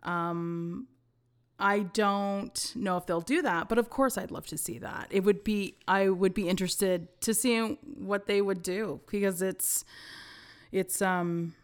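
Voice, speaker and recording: A woman in her forties telling stories as a podcast guest, excitable and laughing often. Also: mid-range voice, slow, clean tone. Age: 40s. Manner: excitable storyteller, bursts of laughter. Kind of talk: casual podcast chat.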